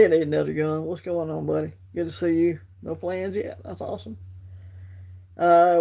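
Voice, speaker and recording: A man's voice: on the high side, gravelly, a little mellow, breathy edge. A man with an Alabama Southern accent hosting a casual livestream, chatting in a laid-back, rambling way and greeting viewers by name. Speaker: livestream host.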